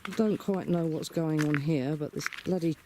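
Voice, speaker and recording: A man in a casual video diary, chatty and exasperated, often talking to his birds in a high coaxing voice outdoors in a garden. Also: moderate pace, noisy background. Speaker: backyard poultry keeper filming his birds.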